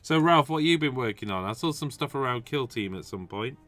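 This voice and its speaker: A man's voice: mid-range voice, expressive, fairly quick, a bit bright, faint music behind. A man hosting a casual hobby livestream, rambling and chatty, with lots of restarts and asides. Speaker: host.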